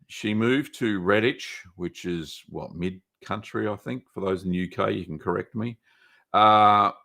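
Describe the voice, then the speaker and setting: Man, live stream host, low gravelly voice, rambling casual chat, lots of ums. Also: fairly bright tone. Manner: rambling, many ums and restarts, reads chat aloud. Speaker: live stream host answering viewer questions.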